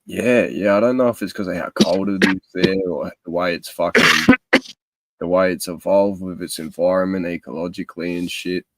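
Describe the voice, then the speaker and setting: A man's voice: sits low, fairly even intonation, normal speed, slight background noise. A man chatting casually in a rambling, hesitant way. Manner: rambling, hesitant, lots of fillers. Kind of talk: casual chat.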